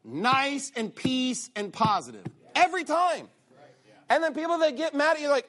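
A male preacher giving a sermon, mocking and sarcastic, swinging between loud outbursts and low asides. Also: sing-song, moderate pace.

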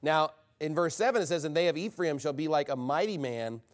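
A man's voice: fairly high pitch, brisk. A man preaching a fiery, combative sermon from the pulpit. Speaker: pastor.

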